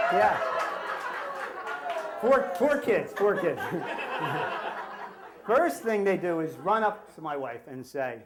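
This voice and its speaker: A middle-aged American man telling a comic story live at a story slam, acting out the shouted quotes. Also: sits high, drawn-out words, long pauses, a crowd in the background. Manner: animated, acts out shouted quotes. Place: live venue with audience laughter.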